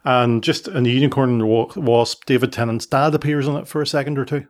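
Man in midlife, hosting a relaxed podcast chat. He talks at an everyday pitch, asks lots of questions and often restarts his sentences. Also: fast talker. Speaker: podcast host. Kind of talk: casual family podcast chat.

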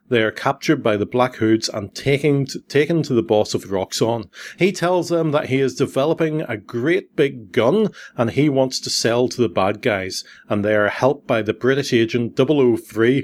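A man's voice: mid-range voice, darkish tone. A middle-aged man with a Northern Irish accent, hosting a podcast and summing up a comic with wry, joking asides. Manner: wry, jokey, then earnest. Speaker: podcast host. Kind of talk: casual chat, comic synopsis.

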